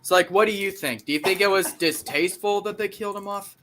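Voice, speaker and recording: Enthusiastic slangy male reviewer, bright forceful voice. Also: sits high, fast, a little hiss or hum. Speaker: film reviewer. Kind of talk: casual movie review chat.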